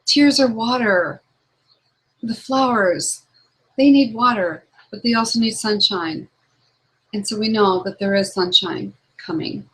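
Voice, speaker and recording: Over a webcam video call, a female law of attraction trainer hosts her online talk show, sincerely reading out quotes. She speaks slowly in a mid-range voice with a sharp tone, and the audio is poor.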